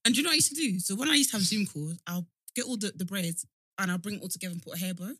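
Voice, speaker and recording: A woman chatting casually with a friend, animated and teasing, often breaking into laughter. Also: medium pitch, racing, slightly rough, dry recording. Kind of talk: casual chat between friends.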